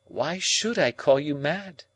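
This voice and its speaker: A man reading an audiobook, voicing a proud, composed young woman who speaks in a calm, measured way. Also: on the high side, husky, dry recording, pitched above the performer's own voice, heavily acted. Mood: cool. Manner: calm, measured, coldly reasoning.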